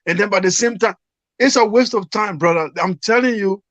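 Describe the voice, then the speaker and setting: A Liberian-accented man on a video call speaks in a bright, forceful voice with a somewhat high pitch. He presses his points and repeats them for emphasis. The sound is dry and dull, like lo-fi call audio. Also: fairly quick, dry recording. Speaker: guest. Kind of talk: casual video-call conversation.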